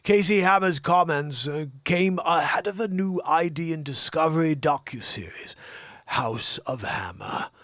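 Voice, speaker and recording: A man's voice: fairly high pitch, expressive, a little slow, a bit bright, no echo, studio quality. A man voicing a suave English villain-style newsreader with a put-on English accent, reading grandly and theatrically.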